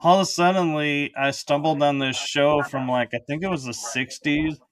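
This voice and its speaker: A man's voice: a little high, fairly even intonation, moderate pace. A man hosting a casual panel chat, often restarting his phrases as he thinks aloud. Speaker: podcast host.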